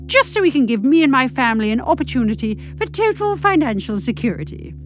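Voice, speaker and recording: A British woman reading a comic novel aloud in a wry, brisk, expressive way, with deadpan asides. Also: high-pitched.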